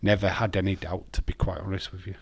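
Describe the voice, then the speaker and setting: A man with a fairly low voice hosts a laid-back live stream. He chats loosely, laughs often and answers viewer comments. The sound is dry and close. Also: little pitch movement, quick pace, vocal fry, husky, no echo. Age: adult with children. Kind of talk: casual live stream chat.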